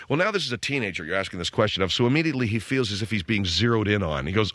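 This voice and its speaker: Animated man hosting a radio show. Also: lowish voice, racing, hardly any pauses, no room sound. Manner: animated, rambling storyteller. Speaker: radio talk show host. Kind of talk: radio call-in monologue.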